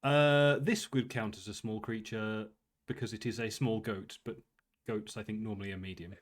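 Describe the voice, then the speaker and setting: A man narrating a tabletop game as game master, in a casual, halting way with lots of fillers. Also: fairly low pitch, steady tone.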